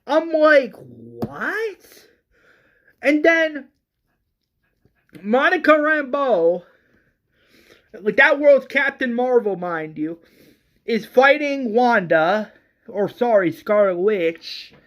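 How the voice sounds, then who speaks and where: An unhurried voice reviews a film as a heated rant, sounding exasperated and excitable. Sentences often break off and restart, and swear words slip in. The pitch sits in a middle range. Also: highs cut off. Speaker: movie reviewer. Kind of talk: ranting movie review.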